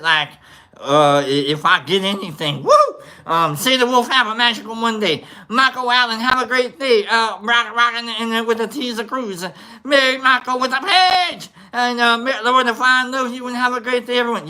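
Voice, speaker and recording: A livestream host in casual, goofy chat, rambling with many fillers while giving shoutouts to viewers. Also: medium pitch.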